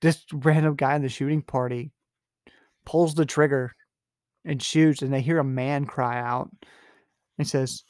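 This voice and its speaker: A man's voice: mid-range voice, fairly even intonation, unhurried, long pauses, a little mellow, dry recording, studio quality. A young man hosting a podcast, casually recapping a novel in a rambling, amused way with lots of fillers. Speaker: podcast host. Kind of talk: casual book recap with readings.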